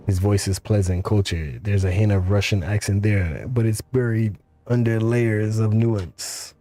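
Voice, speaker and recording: A man reading a video game's text aloud, slowly and with some stumbles. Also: on the low side, mellow, faint music behind. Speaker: game reader.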